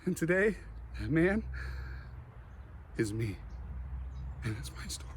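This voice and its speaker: A man giving an emotional motivational speech, earnest, with dramatic pauses and a slight stutter. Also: a little high, sing-song, slight background noise. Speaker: motivational speaker.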